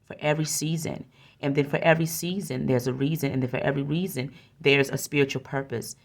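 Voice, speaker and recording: A woman with a notably deep, low-pitched voice talks through an oracle card reading into a close microphone. She is earnest and encouraging, and she often circles back to repeat her phrases. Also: steady tone, quick pace. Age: adult with a young son.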